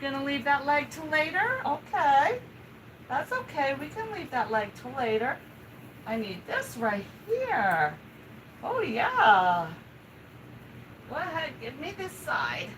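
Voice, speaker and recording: A woman's voice: high voice, sing-song, takes it slowly, fairly bright tone, a little hiss or hum, low-quality recording. A woman hosting a live stream, talking casually while she grooms her dog, with a coaxing, soothing baby-talk manner. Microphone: home live-stream setup.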